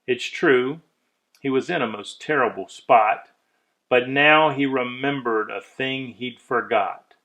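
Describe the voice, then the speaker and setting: Slow man reading a rhyming storybook. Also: medium pitch, low-quality recording. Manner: measured, expressive rhyming delivery. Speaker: reader of a children's story. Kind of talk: rhyming storybook read-aloud.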